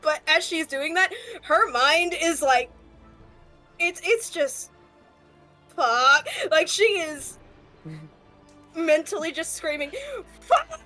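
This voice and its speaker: A woman player describes her character's actions in a tabletop game with a flustered, giggly hesitance. Her voice is very high and her words come slowly. Faint music plays behind her. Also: pushed and bright, poor audio. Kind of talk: casual tabletop play.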